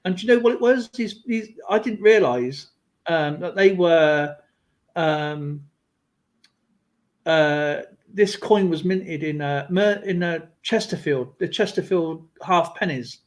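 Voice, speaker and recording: A man chatting casually on a livestream, rambling through an animated story with lots of fillers. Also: fairly high pitch, takes it slowly, rough recording. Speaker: guest on a livestream. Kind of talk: casual chat.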